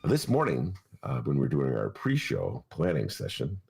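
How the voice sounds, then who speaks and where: A man with a gravelly, creaky voice hosts a casual political talk show. His pitch swings wildly as he rambles through stories and then bursts into loud, ranting asides. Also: huge pitch swings, normal speed. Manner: rambling storyteller who breaks into ranting, shouted asides.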